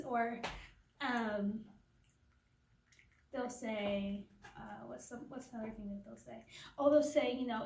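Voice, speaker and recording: A woman's voice: fairly high pitch, fairly even intonation, moderate pace, gravelly, a little mellow. A woman vlogger telling a rambling, casual storytime rant, full of "like" and "you know". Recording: echoey room, from a distance, faint noise.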